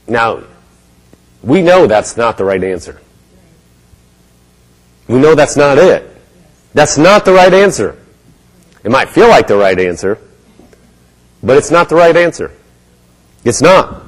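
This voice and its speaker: A man preaching to a congregation, his voice dipping low and muttering when he mimics self-pity, then climbing as he declares what he believes. His pitch sits in an ordinary middle range for a man. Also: very animated, slow pace, pauses often, poor audio. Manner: acts out a gloomy mumbling inner voice, then lifts to bold declarations. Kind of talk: sermon.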